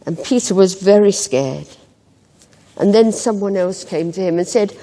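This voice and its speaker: Brief: unhurried female devotional reader, mellow tone, long church reverb. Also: mid-range voice. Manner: slow, gentle storytelling with reflective pauses. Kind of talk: scripted Bible story narration.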